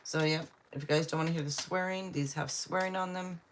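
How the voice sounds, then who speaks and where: Low-voiced chatty woman reading tarot. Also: steady tone, a little fast, a little hiss or hum. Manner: chatty, addresses viewers by name, laughs often. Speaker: tarot reader. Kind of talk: live-stream tarot reading.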